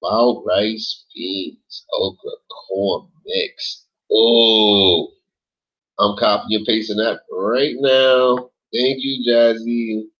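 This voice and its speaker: A man's voice: fairly low pitch, fairly even intonation, very slow, fairly bright tone, muffled recording. A man hosting a late-night casual livestream, chatting with viewers in a laid-back, rambling way, swearing often and filling his talk with "like" and "yo.". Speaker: livestream host reading chat.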